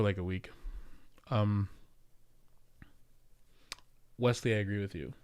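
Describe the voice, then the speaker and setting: A man's voice: lowish voice, darkish tone, clear, resonant tone. A man in his thirties with an American accent, hosting a casual livestream and rambling through viewer comments with lots of fillers. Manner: rambling and conversational, answering chat with frequent fillers. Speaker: livestream host and real estate agent.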